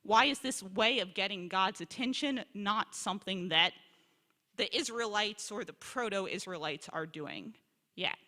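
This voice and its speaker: Visiting woman scholar, bright and forceful tone, lively teaching to a congregation, echo of a big sanctuary. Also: mid-range voice, measured pace. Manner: animated storyteller, quotes Hebrew and asks the room questions. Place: synagogue sanctuary. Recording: long hall reverb.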